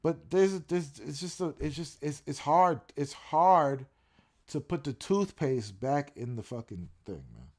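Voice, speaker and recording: A man's voice: on the high side, lively intonation, a little slow. A man streaming and ranting casually, profane and repetitive as he reacts. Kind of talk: casual ranting livestream commentary.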